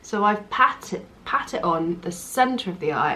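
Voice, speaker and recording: A young woman chatting through a makeup tutorial, gushing about the products and often dropping into a soft whisper. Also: on the low side, expressive, moderate pace, hardly any pauses, a little hiss or hum, poor audio. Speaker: makeup artist.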